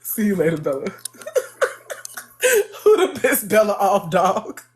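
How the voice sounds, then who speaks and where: A woman hosting a live stream, telling a story in casual chat with blunt, profane, animated talk. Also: mid-range voice, unhurried.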